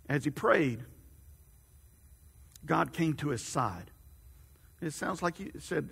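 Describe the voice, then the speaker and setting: A man preaching a sermon, telling a story in an animated, halting way in a large hall. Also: on the high side, gravelly, husky. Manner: animated, halting narration with repeated restarts. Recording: long hall reverb.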